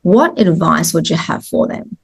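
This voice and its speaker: A woman's voice: fairly low pitch, sing-song, moderate pace, gravelly, husky. A woman hosting an interview, affirming and effusive, murmuring agreement often. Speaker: interview host. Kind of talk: casual interview chat.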